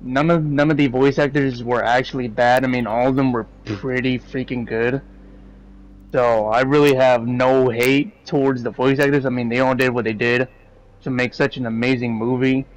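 A man hosts a casual chat about a film, talking in a loose, rambling way. He swears freely and sounds animated about his opinions. His voice sits at an ordinary pitch. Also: normal speed, low-quality recording. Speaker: host. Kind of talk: casual movie review chat.

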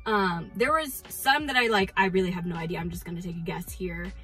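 A young adult woman, a teacher, chatting excitedly to camera in a casual vlog, full of fillers and quick restarts. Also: on the low side, soft background music, poor audio. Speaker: teacher vlogger.

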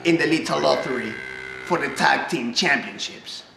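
A man's voice: on the high side, normal speed, vocal fry. A man with a German accent cutting a boastful, domineering wrestling promo as commissioner. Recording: echoey room with music behind. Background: music.

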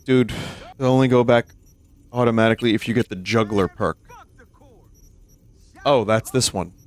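A man in his thirties streams gameplay with a medium-pitched voice at a moderate pace. He jokes around, swears often, and keeps up casual commentary aimed at his chat.

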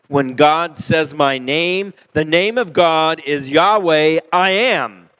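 A male pastor preaching a sermon in a church, animated and conversational, acting out the people he quotes and asking his listeners questions. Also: medium pitch, clear, resonant tone, low-quality recording. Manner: animated, acts out quoted voices, asks the congregation questions. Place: church sanctuary.

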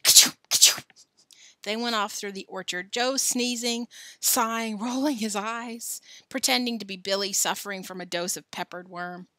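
A woman reads a children's storybook aloud in a bright, clear voice. Her delivery is expressive and unhurried, with small casual asides. The sound is dry and close to the mic. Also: mid-range voice, no echo. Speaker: storybook reader. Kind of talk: reading a children's novel aloud.

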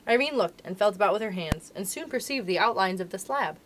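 A woman, a librarian, reading a storybook aloud to children in an expressive, animated way. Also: medium pitch, fairly quick, a little hiss or hum.

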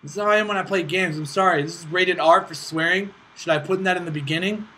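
A man's voice: sits high, fast, bright, forceful tone, slightly rough. A man giving casual gameplay commentary as host of his gaming channel, frustrated and cursing at the game. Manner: frustrated, swearing and muttering at the game. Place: hot room at home. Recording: noisy home recording with clicks.

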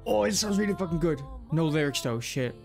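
An excitable young man with a slightly high voice, reacting casually and cursing freely. He grows loud when hyped and drops to a hush when moved. Music plays faintly under his talk. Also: fairly quick, creaky. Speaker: anime reaction youtuber. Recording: faint music playing behind. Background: anime music playing.

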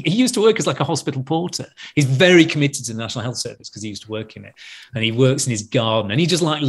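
Husky man telling animated stories. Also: mid-range voice. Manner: animated storyteller who often acts out voices of others. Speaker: podcast guest. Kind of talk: casual chat.

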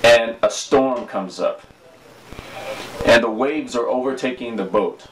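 A man's voice: mid-range voice, echoey room, far from the mic, rough recording. Brief: male pastor in his thirties, home live-stream sermon, earnest and building in emphasis, slightly off-mic with faint room noise. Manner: earnest, preaching with rising emphasis.

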